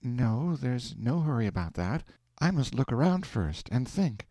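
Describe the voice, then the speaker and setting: A man reading aloud, voicing a prim, thrifty wife who speaks gently and reprovingly. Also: mid-range voice, very animated, unhurried, no room sound, voice pushed up. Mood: calm.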